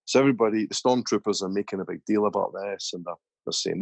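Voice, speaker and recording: A man's voice: fairly low pitch, fast talker, gravelly, few pauses, no room sound. A man hosting a podcast, telling stories in a casual, chatty way. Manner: chatty storyteller. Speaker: podcast host. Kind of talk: casual chat.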